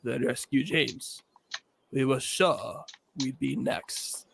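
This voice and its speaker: A man's voice: mid-range voice, slow, gravelly, a bit bright, slight background noise, full character voice. A man voicing a scheming old freight truck in a fan animation, telling its tale in a grim storytelling manner.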